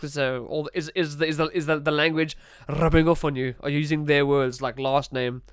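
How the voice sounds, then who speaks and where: A South African man hosts a laid-back podcast chat. His voice is smooth and a touch high, recorded close and dry. He rambles cheerfully, swears freely and laughs at his own asides. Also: fairly even intonation, fairly quick, dry recording. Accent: South African English. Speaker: podcast host.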